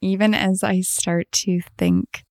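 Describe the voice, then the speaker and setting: Woman, podcast host, emotional storytelling, gravelly, dry close recording. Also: mid-range voice, big pitch swings, slow, dry recording. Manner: tender, emotional, reflective. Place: farm.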